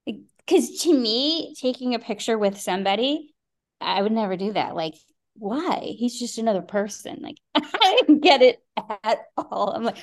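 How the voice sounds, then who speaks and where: A middle-aged woman guest on a podcast, telling a story in a lively way, acting out quotes and swearing freely. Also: a little high, moderate pace. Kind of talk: animated storytelling.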